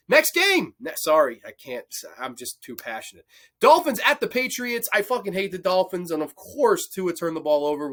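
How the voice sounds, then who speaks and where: A man's voice: fairly high pitch, fairly bright tone. A young man hosting a football picks show, talking casually with lots of swearing and passionate rants. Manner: profane, passionate ranting. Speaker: sports picks host. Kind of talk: casual sports betting commentary.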